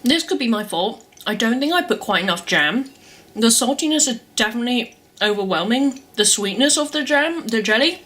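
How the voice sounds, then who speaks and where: Brief: young female vlogger with a slightly high voice, chatty and descriptive in a casual taste-test. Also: animated, moderate pace, fairly bright tone. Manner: chatty, describes food while eating. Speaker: food vlogger.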